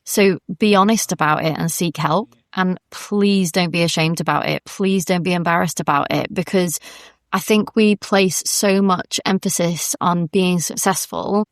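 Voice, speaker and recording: A woman's voice: fairly low pitch, fairly even intonation, measured pace, dry recording, clean studio sound. A woman, a podcast guest talking earnestly and reflectively about faith, often restarting her sentences. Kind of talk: candid faith conversation.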